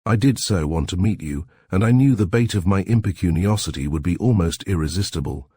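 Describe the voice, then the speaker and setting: Man playing a quiet sly detective type, soft mocking murmur, deep voice. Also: expressive, a little fast, breathy edge, dry recording, clean studio sound. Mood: quietly triumphant. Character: mild, sly, dryly ironic male investigator.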